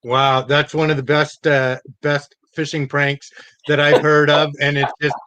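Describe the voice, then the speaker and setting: Bright-voiced man hosting, dry sound. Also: fairly high pitch, completely flat delivery, measured pace, no room sound, poor audio. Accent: Canadian. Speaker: podcast host. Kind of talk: casual interview.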